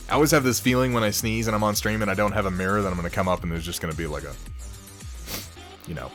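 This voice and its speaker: A man's voice: fairly low pitch, racing, fairly bright tone, faint music behind. A man chatting casually on a live stream while painting miniatures, rambling, reading viewers' messages aloud and swearing offhandedly.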